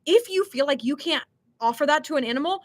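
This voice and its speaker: A woman's voice: high-pitched, lively intonation, fast talker. A young millennial woman hosting a casual livestream, reading chat comments and answering with lots of ums, likes and giggles. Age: young adult.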